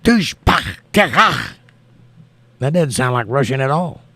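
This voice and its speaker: A man's voice: medium pitch, expressive, measured pace, no room sound. A man hosting a livestream, reading viewer comments aloud and answering them in casual chat.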